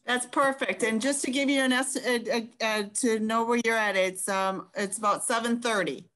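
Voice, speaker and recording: A woman's voice: fairly high pitch, fairly even intonation, moderate pace, fairly bright tone. A woman moderating a live demonstration, politely asking questions with some "um" fillers.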